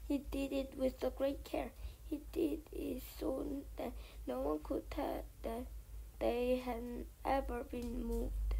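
A woman reading a children's book aloud, softly and often close to a whisper. Her voice sits high, with a gravelly, husky grain. She takes the story at an unhurried pace. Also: flat delivery, a little hiss or hum, low-quality recording. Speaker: storybook reader.

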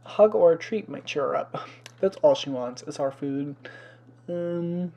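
A man's voice: fairly high pitch, unhurried, darkish tone. A young man hosting a life-sim let's play in casual commentary, chatty and fussy, exclaiming often and scolding the game's pets.

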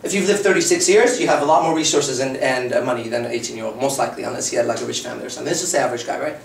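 A man's voice: medium pitch, very fast, creaky, a little hiss or hum. A man in his thirties, a dating coach giving a live lecture in a blunt, profane, conversational way. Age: 30s. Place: lecture room. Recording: roomy, far from the mic.

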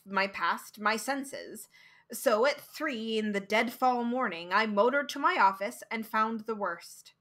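Brief: woman storyteller, unhurried, expressive reading, bright and fairly high voice. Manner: slow, expressive, dramatic reading. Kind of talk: reading a short story aloud.

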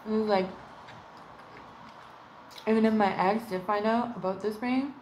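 This home vlogger speaks at medium pitch with a steady, measured delivery and a somewhat mellow tone, over a faint hiss or hum. She rambles profanely to camera, drifting across subjects and doing small mock voices in quotes.

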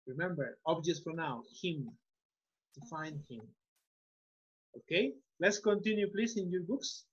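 A man's voice: fairly high pitch, lively intonation, unhurried, long pauses, slightly rough, highs cut off. A Spanish-speaking man teaching English online, giving patient, repetitive instructions through a computer mic on a video call.

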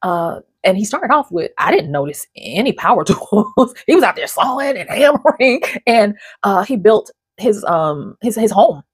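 Very animated and husky, this channel host's mid-range voice moves at a moderate pace with few pauses, recorded at studio quality with no room sound. She talks to camera casually, digressing, restarting sentences, and repeating words.

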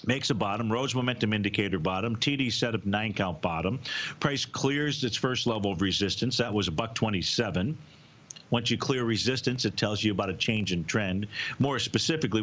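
A man's voice: medium pitch, a bit bright, dull audio. Man walking viewers through market charts. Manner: explanatory, walks through charts step by step. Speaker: market analyst host answering viewer questions. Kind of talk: live market analysis show.

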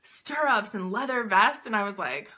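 A boutique owner and business coach tells a story to camera in a casual, chatty way, dropping "like" into nearly every phrase as she animatedly retells it. Her voice is medium-pitched at a moderate pace.

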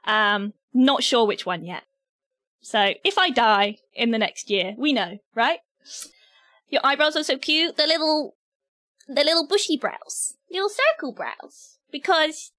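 A woman's voice: high-pitched, sharp tone, no room sound. A British woman streaming, chatting casually with her viewers, giggly and nervous. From Britain. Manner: giggly and nervous, talking to chat. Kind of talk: casual livestream chat.

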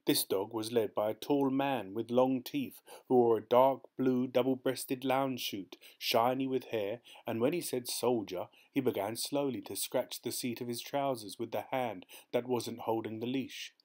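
A man narrating a short story as an audiobook in a steady, measured way. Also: medium pitch.

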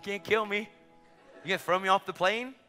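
A middle-aged man preaching, telling a story with acted-out dialogue and bursts of shouting. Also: high-pitched, brisk, faint music behind. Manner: excitable, acts out dialogue, rising to shouts. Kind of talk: sermon storytelling. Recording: long reverb of a large hall.

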